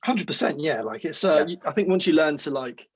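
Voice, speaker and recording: A man's voice: fairly high pitch, brisk, husky. A man in casual podcast conversation, telling rambling stories and acting out the exchanges he quotes. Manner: rambling, animated storytelling, acts out quoted exchanges. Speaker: podcast guest, musician.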